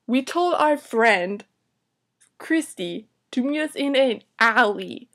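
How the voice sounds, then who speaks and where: A woman's voice: fairly high pitch, expressive, takes it slowly, a bit bright. A young woman vlogger telling a story casually, dramatic and exasperated, swearing freely and filling her talk with "like".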